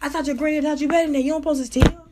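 A woman hosting her own radio show, telling wild stories in a loud, profane, animated way. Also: high-pitched, rapid-fire, background noise. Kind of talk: casual storytelling monologue.

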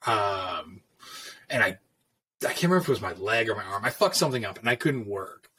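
A man's voice: lowish voice, animated, brisk, pushed and bright, a little hiss or hum. A veteran tattoo artist, a man, telling stories from his career in a rambling, profane, casual way. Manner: rambling, profane, filler-heavy. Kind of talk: casual storytelling.

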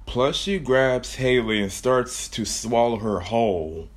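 Slow-talking man reading a goofy horror story. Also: medium pitch. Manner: jokey asides, laughs at own story.

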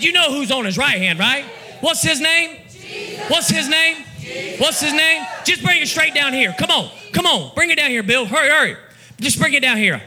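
A man preaching a fervent sermon in a church, building to shouts and breaking into tongues. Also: extremely high pitch. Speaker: pastor. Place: church sanctuary.

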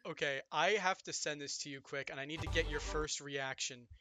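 A man hosting a podcast in casual chat, excitable and self-mocking, stumbling over restarts. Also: on the high side, fairly quick, a little hiss or hum. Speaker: podcast host.

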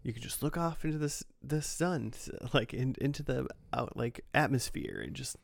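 A man hosting a podcast, talking in a relaxed, chatty way about a TV episode. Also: mid-range voice, normal speed, gravelly, dry recording, studio quality. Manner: relaxed, chatty, quotes scenes with raised voice. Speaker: podcast host. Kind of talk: casual chat.

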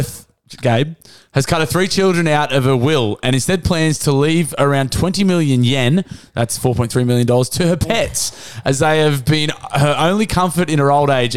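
Sweary Australian bloke on a podcast. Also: male voice, on the high side, clear, resonant tone, no echo. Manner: sweary, jokey, cracks up reading the news. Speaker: podcast co-host. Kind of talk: casual chat.

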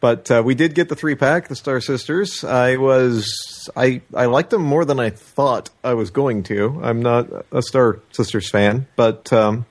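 A man's voice: medium pitch, unhurried, hardly any pauses. A man co-hosting a casual podcast, talking things through at length and full of opinions. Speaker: podcast co-host. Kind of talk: casual chat.

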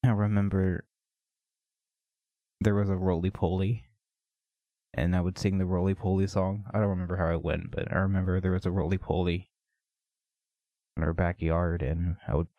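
A man hosting his own podcast, talking through personal thoughts in a reflective, halting way with many pauses. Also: low-pitched, dry recording, lo-fi sound. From United States. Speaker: podcast host. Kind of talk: personal confessional podcast monologue.

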